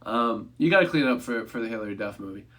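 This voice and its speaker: A man's voice: mid-range voice, animated, fast talker, a bit bright. Young male streamer, casual chatty film reviewer, mid-range voice, loose and rambling. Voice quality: rambling, self-correcting, offhand humor. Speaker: movie reviewer. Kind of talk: casual livestream review chat.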